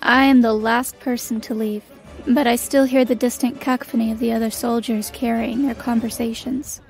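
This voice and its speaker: A woman's voice: fairly high pitch, level tone, moderate pace, faint music behind, natural voice. A young woman narrating in the first person as a bitter, magicless female elf soldier in an audio drama, her inner monologue defiant.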